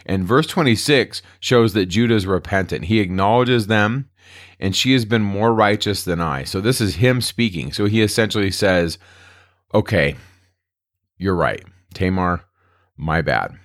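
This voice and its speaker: Deep-voiced man teaching a Bible lesson. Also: normal speed. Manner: conversational, retells scripture in plain modern words. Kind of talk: casual Bible study lecture.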